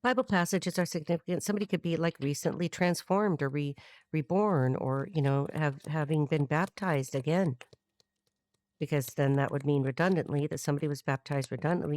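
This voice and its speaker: In a free-associating tarot reading, a middle-aged woman from the United States rambles and cracks jokes, swearing a bit and dropping in snatches of song and silly voices. Her voice is on the low side with a darkish tone, and the recording has no room sound.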